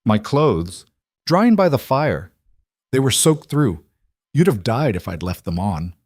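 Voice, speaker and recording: A man's voice: medium pitch, sing-song, slow pace, darkish tone, slightly rough, no room sound, clean studio sound, heavily acted. A man narrating a story, voicing a solitary mountain man who keeps his speech level and terse. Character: gruff, solitary middle-aged mountain man.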